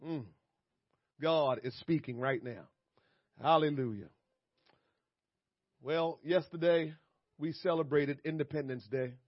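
A man's voice: on the high side, no echo. Emphatic preaching pastor, a man. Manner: emphatic preaching with chuckles and repetition. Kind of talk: sermon. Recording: dry, slightly muffled recording.

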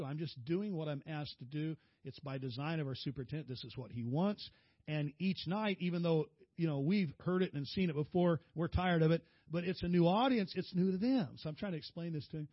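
A middle-aged man preaching, telling a long personal story in a folksy, animated way and raising his voice for the people he quotes. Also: a little high, fairly quick, husky, no room sound, highs cut off. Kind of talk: storytelling sermon.

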